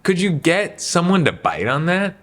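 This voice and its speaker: A man's voice: high voice, sing-song, moderate pace, fairly bright tone. A young adult man giving a casual, rambling basketball opinion monologue for his channel, with self-deprecating asides. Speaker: sports commentary YouTuber.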